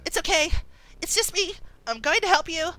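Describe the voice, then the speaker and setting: A woman voicing a gentle, determined young woman who soothes her undead horse, in a game read aloud. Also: extremely high pitch, animated, moderate pace, dry recording, pitched above the performer's own voice, heavily acted. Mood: soothing. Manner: soothing, pleading.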